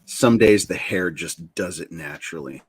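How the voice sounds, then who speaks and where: A man's voice: sits low, moderate pace, slightly rough, dry recording. A middle-aged man hosting a casual chat show, rambling and interrupting himself, often laughing at himself. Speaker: show host.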